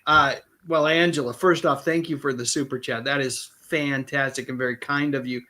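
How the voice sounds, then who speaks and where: A man's voice: mid-range voice, fairly even intonation, moderate pace, pushed and bright. A man hosting a casual film podcast, conversational, reading out viewer messages. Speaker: podcast host. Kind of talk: casual chat.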